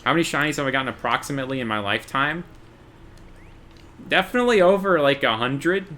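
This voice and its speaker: A man in his twenties chatting casually while streaming a game, relaxed and talkative with quick bursts of excitement. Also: medium pitch. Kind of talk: casual gaming stream chat.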